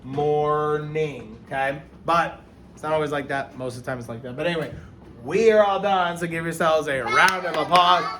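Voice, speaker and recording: A man's voice: fairly high pitch, brisk. Man, teacher, children's phonics lesson, patient, sounds words out, slight hiss. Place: classroom. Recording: echoey room with faint noise.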